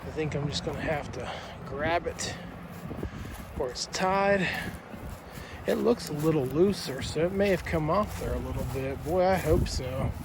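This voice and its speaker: Outdoor vlogger, male, excitable, chatty with viewers, slightly high voice; handheld mic, traffic noise behind. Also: unhurried. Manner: excitable, exclaims and talks to viewers as "you guys". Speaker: magnet fishing vlogger. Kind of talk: casual vlog talk to camera. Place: outdoors by flooded water in a park. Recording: outdoor noise with passing cars.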